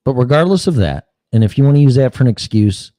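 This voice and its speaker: A man's voice: mid-range voice, expressive, fast talker, mellow, dry recording. Blunt, swearing man ranting. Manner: blunt, heated, swears often, mocks opponents in put-on quotes. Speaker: podcast host. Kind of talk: profane political monologue.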